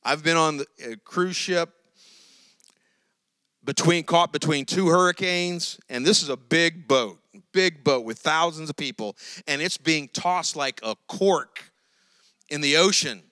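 A man preaching a sermon, retelling a Bible story in an animated storytelling way. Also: a little high, a little slow, no room sound. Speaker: pastor.

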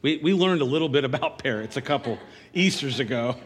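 A man's voice: mid-range voice, lively intonation, a little fast, in a large hall. A man preaching a sermon in a church, speaking conversationally and asking the congregation for an amen. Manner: conversational preaching with call-and-response asides. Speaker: pastor.

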